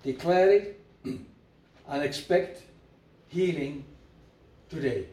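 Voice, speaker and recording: A man's voice: a little high, extremely slow, darkish tone. A man preaching a sermon, repeating his points for emphasis and leading the congregation in call-and-response. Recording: echoey room, mic at a distance.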